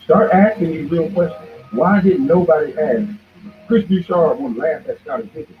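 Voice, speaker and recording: A man's voice: on the high side, moderate pace, soft background music. Heated man ranting over a tinny line. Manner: heated, confrontational, repeats "boy". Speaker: show host. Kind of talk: ranting commentary monologue. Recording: tinny phone-like line with faint noise.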